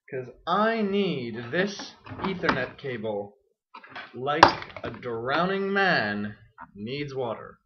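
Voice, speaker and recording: A man's voice: mid-range voice, slight background noise. A young man and student, talking in a wry, self-deprecating and rambling way in a casual vlog. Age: young adult. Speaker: student vlogger. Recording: dull lo-fi webcam audio.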